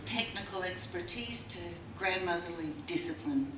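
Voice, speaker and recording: A woman's voice: fairly low pitch, normal speed, distant mic. A woman giving a wry speech at a book launch and reading a poem aloud. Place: bookshop room. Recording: echoey room recorded from afar, faint noise.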